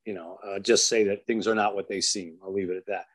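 A man as an interview guest, telling a story in an earnest, measured way and slowing down for emphasis. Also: lowish voice, steady tone. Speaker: author and guest.

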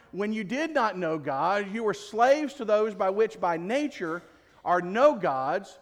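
A pastor delivers his sermon in a chatty, joking style packed with rhetorical questions, his high-pitched, fairly bright voice carried by the long reverb of a large hall.

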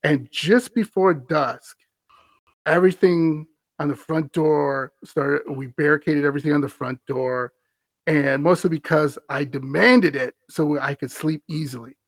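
A man's voice: a little high, unhurried, no room sound. A man hosting a podcast, reading a scary story aloud and breaking off for wry, amused asides. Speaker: podcast host.

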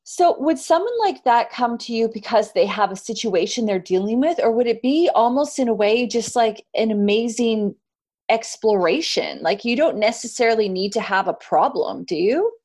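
A woman's voice: a little high, expressive, normal speed, a little mellow. A woman hosting a spiritual podcast, reacting with encouragement and asking her guest questions. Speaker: podcast host. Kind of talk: podcast interview.

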